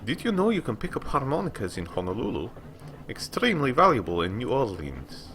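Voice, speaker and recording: A man voicing a chatty, helpful young woman companion in a story game, with a bright, informative manner. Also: medium pitch, wildly swooping pitch, fairly quick, slight background noise, voice pushed up.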